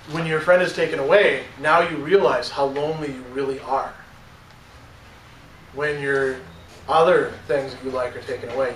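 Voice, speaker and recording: In a roomy classroom recorded from a distance, with faint ambience and a little hiss or hum, a man teaches a college philosophy lecture. His voice is slightly high and a bit bright, and he casually reads passages aloud and explains them to students.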